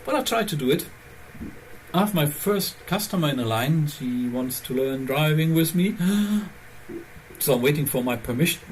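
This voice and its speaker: A man hosting his own channel chats loosely and thinks aloud, wandering from one point to the next. His has a turn, and his voice sits at an ordinary pitch for a man. A faint noise hangs in the background. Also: poor audio. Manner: rambling, chatty, thinking aloud. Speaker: channel host. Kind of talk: casual chat.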